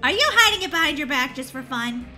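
A woman hosting a game let's-play with bubbly, excitable, jokey commentary. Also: high-pitched, fast. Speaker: gaming channel host. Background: game music.

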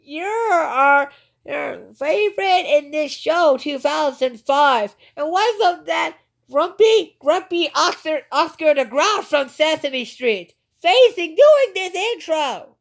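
Excitable female commentator with a very high voice, slow-spoken, halting and rambling. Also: gravelly. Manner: excitable, halting, repeats words. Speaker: video commentator.

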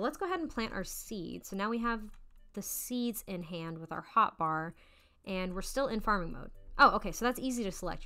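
Bubbly, bright-voiced young woman gamer. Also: medium pitch. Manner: bubbly and giggly. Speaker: gaming YouTuber. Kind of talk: let's-play commentary.

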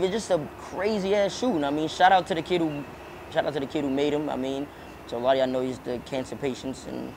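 A young man talks fast and loose, swearing and doubling up his words as he tells his story. His voice sits a touch high for a man. Faint background noise runs under the recording. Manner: animated, profane, slangy, repeats words. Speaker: rapper and comedian, interviewee. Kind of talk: casual storytelling interview.

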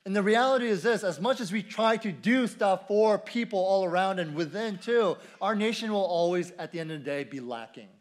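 High-voiced male pastor preaching. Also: a little fast, hardly any pauses. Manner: conversational, repeats key phrases, asks the congregation questions. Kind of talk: sermon. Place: church service.

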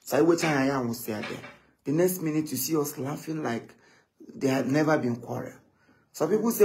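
Casting note: man, slightly high voice, animated storyteller in casual live-chat talk. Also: fairly quick. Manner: animated, switching between English and Igbo, quoting others.

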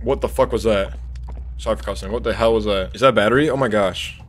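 A man with a lowish voice talks fast over slight background noise while streaming a horror game. He's jumpy, swears, shouts when startled, and keeps talking to his chat as he plays.

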